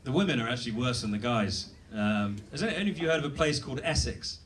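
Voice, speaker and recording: A man's voice: mid-range voice, lively intonation, quick pace, fairly bright tone, distant mic, slight background noise. A British man doing a self-deprecating stand-up set on a comedy club stage, rambling with fillers and restarts. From Britain.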